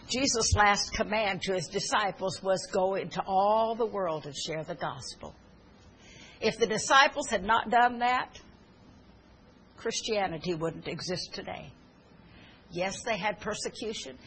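A woman's voice: medium pitch, fairly bright tone, a little hiss or hum, poor audio. A woman preaching a sermon, telling stories earnestly with fillers and restarts, and urging her listeners fervently.

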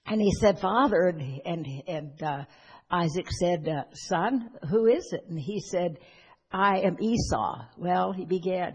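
A folksy preacher retells an old story to a congregation, stopping for asides to the listeners. The voice is a little husky, and it rings out with a long reverb in a church hall. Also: mid-range voice. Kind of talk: sermon retelling a Bible story.

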